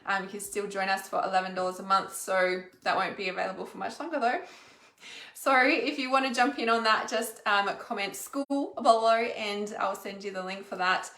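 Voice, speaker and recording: An Australian woman, an intuitive healer, hosts a casual spiritual livestream, rambling along with lots of fillers. Her medium-pitched voice is sharp in tone at a normal speed, and the sound is reverberant.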